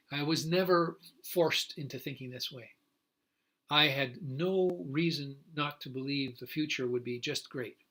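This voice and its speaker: A man's voice: on the high side, takes it slowly, sharp tone. An older man who calls himself an activist, talking alone on a livestream, rambling emotionally with restarts, choking up and bursting into indignant outrage. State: choked up. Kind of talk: solo livestream monologue.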